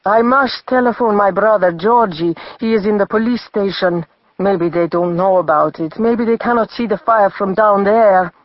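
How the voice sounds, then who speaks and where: A woman voicing a gentle old male innkeeper in an audiobook, speaking gravely and urgently. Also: mid-range voice, normal speed, no room sound, highs cut off, pitched above the performer's own voice, lightly acted. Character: old male Greek village taverna owner, gentle.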